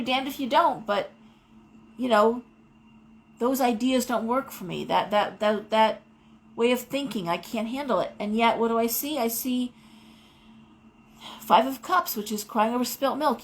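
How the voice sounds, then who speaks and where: A woman's voice: a little high, normal speed, rough recording. A middle-aged woman hosting a live tarot show, talking casually and wandering off into personal stories. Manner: rambling, digressive storytelling. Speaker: tarot reader host.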